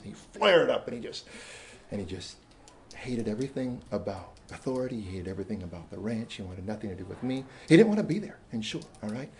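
A man telling a story to a room of teachers, animated and shifting between loud emphasis and quiet asides. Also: lowish voice, slight background noise. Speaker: speaker addressing teachers. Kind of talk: storytelling talk to an audience.

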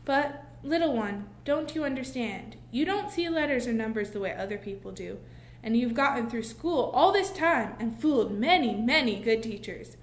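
A woman voicing a kind, gentle male schoolteacher who speaks softly and encouragingly, read aloud from a storybook. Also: a little high, expressive, normal speed, reverberant, a little hiss or hum. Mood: tender. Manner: soft, warm and encouraging.

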